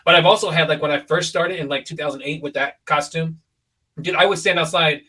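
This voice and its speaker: A young man hosts a casual podcast, rambling along with many "likes" and "ums." His voice sits a bit high and sounds bright and forceful. He is a little far from the mic. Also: fairly quick. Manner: relaxed and rambling, full of fillers and likes. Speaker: podcast host.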